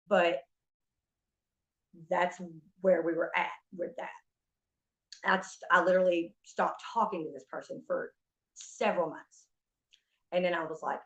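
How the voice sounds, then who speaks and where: Woman ranting, profane and heated, lo-fi. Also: fairly low pitch. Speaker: streamer. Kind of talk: casual storytelling rant. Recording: dull lo-fi stream audio.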